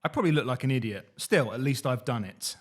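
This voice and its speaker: A man hosting a podcast, reading diary entries in a dry, deadpan way between casual chat. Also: medium pitch, fast. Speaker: podcast host reading diaries.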